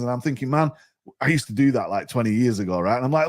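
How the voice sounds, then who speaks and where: Male guest, mid pitch, animated storyteller, stumbles and restarts. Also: quick pace. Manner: animated, chatty, often repeats words as he restarts. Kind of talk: storytelling in a podcast interview.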